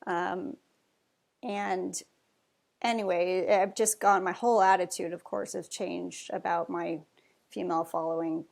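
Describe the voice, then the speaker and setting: A woman's voice: fairly low pitch, steady tone, measured pace, gravelly, a little mellow. A woman talking as a podcast guest in a casual, chatty way, rambling with many fillers. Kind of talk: casual conversation.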